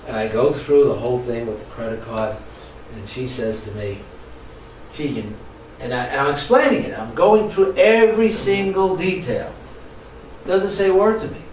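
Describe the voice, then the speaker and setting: A man's voice: on the high side, normal speed, slight background noise. A man giving a training workshop lecture to a live audience, telling stories and asking the room questions. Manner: animated storyteller, asks the audience questions. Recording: echoey room, mic from far off.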